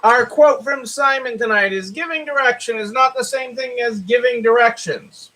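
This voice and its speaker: A man's voice: very high voice, normal speed, bright, forceful tone, rough recording. A man hosting a casual live stream for store owners, who greets viewers by name and repeats his phrases. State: hiccups. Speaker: livestream host for store owners.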